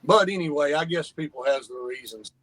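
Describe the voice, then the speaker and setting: A man's voice: on the high side, expressive, brisk, a bit bright, no echo, low-quality recording. Laid-back man ranking songs. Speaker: podcast co-host. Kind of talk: casual album ranking chat.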